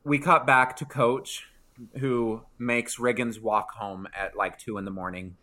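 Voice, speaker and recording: A man co-hosting a casual chat, retelling a TV episode with animated asides and acting out lines. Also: medium pitch, measured pace. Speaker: podcast co-host.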